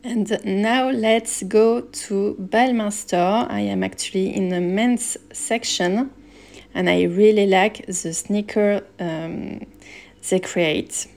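A woman's voice: mid-range voice, slow pace, soft background music. A woman narrating a shopping vlog as a personal shopper and stylist, chatty and enthusiastic. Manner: relaxed, chatty, enthusiastic about pieces. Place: Paris shops and rooftop.

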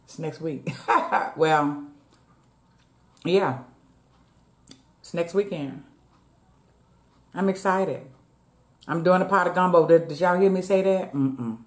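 A woman's voice: low-pitched, a little slow, pauses often. A woman vlogger at home, chatting casually with her viewers while she eats. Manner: chatty, talks straight to viewers as "y'all", eats between words. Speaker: mukbang vlogger. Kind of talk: casual chat while eating. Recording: echoey room.

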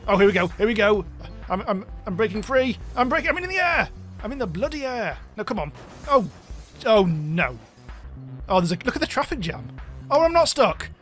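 A man giving excitable, exclamatory commentary over a game, yelping and swearing at what happens on screen. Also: high voice, normal speed, faint music behind. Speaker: gameplay video host.

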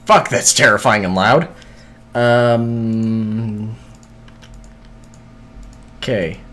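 A man's voice: fairly low pitch, extremely slow, fairly bright tone, slight background noise. A man streaming a video game, muttering to himself in casual, scattered chatter with frequent swearing and hiccups.

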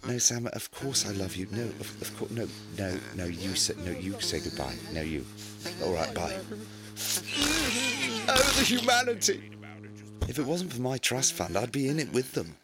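A man's voice: deep voice, animated, moderate pace. A man voicing a haughty prime minister caricature who repeats catchphrases in comedy game voice lines. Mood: pompous. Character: pompous posh male prime minister caricature.

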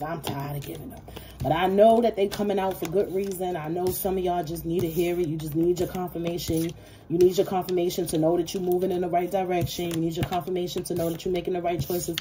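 Woman tarot reader, lowish mellow voice, blunt and profane, talks straight to viewers. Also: slight background noise. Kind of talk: casual tarot reading.

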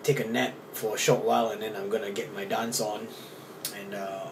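Young man, casual vlog host, rambling delivery, fillers, handheld camera sound with steady background noise. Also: on the low side, moderate pace. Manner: rambling, with many fillers and restarts. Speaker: vlogger, dancer. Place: hotel room, then a cold street at night.

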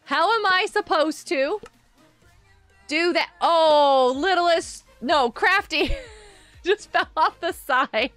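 A woman's voice: very high-pitched, slow pace, fairly bright tone, faint music behind. A woman streaming a game, chatting casually with her viewers, answering chat aloud and laughing often.

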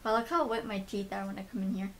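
A woman chatting casually to camera at home, lisping as she gets used to new dentures, with a relaxed rambling manner full of fillers. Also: medium pitch, fast talker, slight background noise. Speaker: vlogger. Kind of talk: casual vlog chat. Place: at home, indoors.

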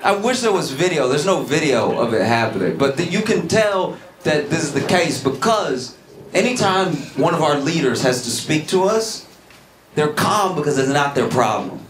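A man from Louisiana doing a stand-up set in a comedy club, acting out quoted voices and yelling the punchlines. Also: fairly high pitch, normal speed, noisy background. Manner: animated, acts out quoted voices with loud yelling bits. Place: comedy club stage with audience. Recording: roomy club sound with loud audience.

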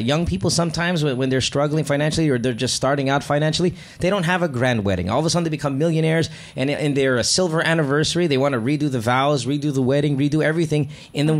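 A man hosting a call-in advice show, blunt and teasing, with casual cursing. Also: fairly high pitch. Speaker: radio advice show host.

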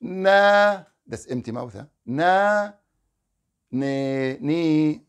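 Guy teaching qaidah online, says short syllables over and over, chants quran bits, voice sits a bit high. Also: expressive, drawn-out words, smooth. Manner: drills letter sounds in short repeated syllables, corrective; recites Quranic phrases in melodic chant. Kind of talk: live online Qaidah lesson.

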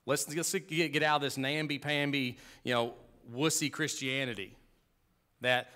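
A man's voice: mid-range voice, normal speed. Emphatic preacher man. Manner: emphatic, swings from loud to hushed; conversational with asides and humor. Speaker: pastor. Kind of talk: sermon.

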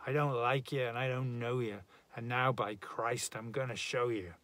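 A hot-tempered male brawler snarls his threats, loud and raw. A man reading a poem aloud does the voice, pushing hard on every insult. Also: medium pitch, steady tone, moderate pace, close to an everyday voice. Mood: snarling.

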